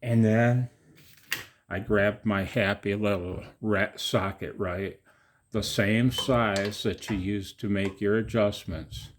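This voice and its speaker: A man's voice: lowish voice, fairly even intonation, takes it slowly, a little hiss or hum. A middle-aged man talking to his viewers in a rambling, casual monologue, chatty and profane, often poking fun at himself. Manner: chatty, profane, self-mocking. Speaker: video maker.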